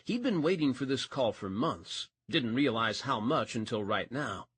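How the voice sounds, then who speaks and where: A man's voice: mid-range voice, expressive, normal speed, a bit bright, slight background noise. A man narrating a romance audiobook, reading expressively and changing voice for each character.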